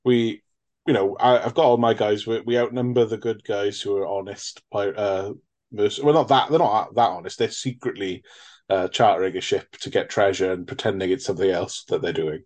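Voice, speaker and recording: Man, low voice, rambling, casual swearing, film chat. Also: fairly even intonation, moderate pace, darkish tone. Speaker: podcast co-host.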